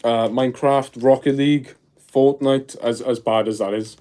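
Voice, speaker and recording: A man in his twenties chatting casually on a live stream, excitable and saying "bro" a lot. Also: medium pitch, normal speed. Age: 20s. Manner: excitable, peppers speech with "bro", reads chat aloud.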